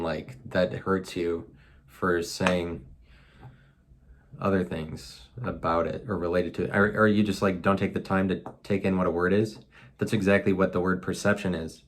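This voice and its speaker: A man hosting a solo podcast from his apartment, musing aloud in a rambling, self-mocking way full of fillers. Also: sits low. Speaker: podcast host. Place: apartment room.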